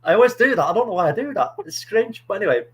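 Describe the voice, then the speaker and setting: A man's voice: sits high, very fast, background noise. Rambling man chatting about football. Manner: rambling, animated storytelling with many restarts. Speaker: podcast host. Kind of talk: casual football chat.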